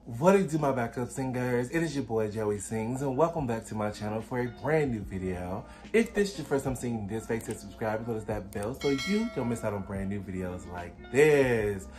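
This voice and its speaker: A man hosting a casual reaction video, talking in an excitable, gushing, slangy way. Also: medium pitch, normal speed, hardly any pauses, soft background music. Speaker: reaction channel host.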